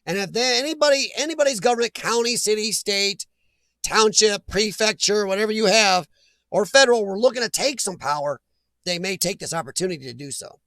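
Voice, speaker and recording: A blunt, opinionated man hosts a casual livestream and reads out viewer comments. His voice sits high with a gravelly edge. The sound is dry and close to the mic. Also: brisk, pushed and bright, no room sound. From Midwestern US. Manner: blunt, opinionated, laughs easily. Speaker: livestream host. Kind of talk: casual live chat reading comments.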